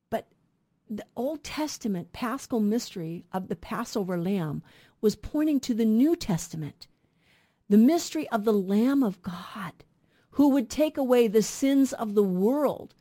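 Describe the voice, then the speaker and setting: Woman radio host, higher voice, earnest Bible teaching. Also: a little mellow. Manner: earnest, asks questions and answers them.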